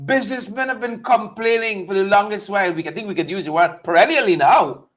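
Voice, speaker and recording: A man hosting a live political talk show, talking straight to viewers in a mocking, animated way. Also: high voice, fast talker. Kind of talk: casual live-stream commentary.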